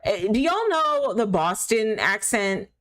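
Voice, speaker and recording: A woman's voice: medium pitch, very animated, slow, fairly bright tone. A woman streaming live, talking in a rambling, candid, opinionated way, full of filler words. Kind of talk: casual chat while gaming.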